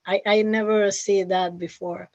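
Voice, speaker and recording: A young woman from Venezuela with a Venezuelan Spanish accent, speaking English as a second language, talking haltingly in a casual interview with many restarts and fillers. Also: mid-range voice, little pitch movement, a little mellow. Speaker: interview guest, former student. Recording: muffled lo-fi call audio.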